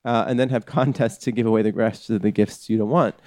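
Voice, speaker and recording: A man hosts a podcast in easy, casual chat, his voice low and warm. He rambles and hesitates, filling gaps with ums and uhs. The sound is dry and close, with no room around him. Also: fairly even intonation, fast talker, no room sound. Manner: rambling, hesitant with many fillers. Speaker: podcast host.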